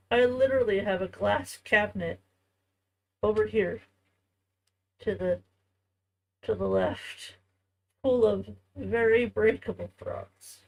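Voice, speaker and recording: Creaky-voiced woman chatting on a stream. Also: medium pitch, takes it slowly, long pauses, rough recording. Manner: chatty, talks to viewers while working. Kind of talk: casual live-stream chat while crafting.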